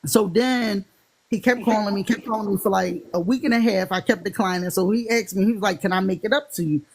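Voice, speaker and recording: Her gravelly voice has a breathy edge and moves a little fast as this woman, with a Philadelphia accent, tells a funny dating story in casual conversation. She's animated and acts out quotes in higher voices.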